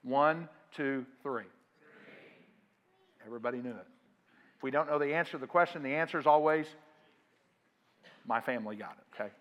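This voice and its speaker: A male pastor preaching a sermon to his congregation, calling on them to answer aloud and swinging from loud emphasis to quiet asides. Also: mid-range voice, moderate pace, pauses often, lo-fi sound.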